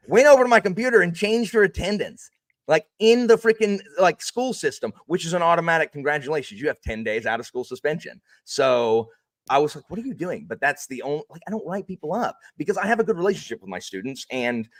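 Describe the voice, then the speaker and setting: A man who is a teacher, chatting energetically as a podcast guest, joking and animated. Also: fairly high pitch, fairly quick, dry recording, studio quality. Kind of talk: casual podcast chat.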